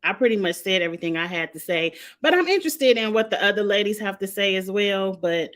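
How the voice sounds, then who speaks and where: A reality TV reviewer, a woman with a medium-pitched voice, rants briskly about a show. Her casual recap is animated, sassy and full of exasperation.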